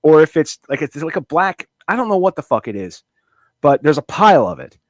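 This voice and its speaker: A man's voice: a little high, very animated, a little fast, no room sound. A man co-hosting a podcast, chatting casually and animatedly with a lot of swearing and rambling restarts. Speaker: podcast co-host. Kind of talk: casual profane banter.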